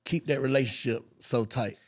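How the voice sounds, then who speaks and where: A man's voice: medium pitch, moderate pace. A man hosting a casual interview, teasing his guest in laid-back slang. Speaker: host.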